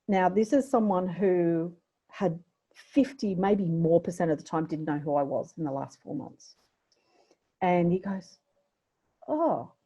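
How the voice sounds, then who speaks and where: A middle-aged Australian woman tells a personal story as a podcast guest, candid and reflective. Her voice sits low and mellow. The recording is dull and lo-fi. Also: unhurried, slightly rough. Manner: candid, reflective, emotional at times. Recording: dull lo-fi audio.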